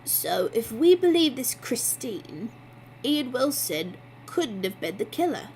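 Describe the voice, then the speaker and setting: Brief: slow, deliberate TV presenter, read by a woman in a storybook reading, faint hum behind. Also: fairly high pitch, sing-song, darkish tone, exaggerated voice, low-quality recording. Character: TV presenter summing up.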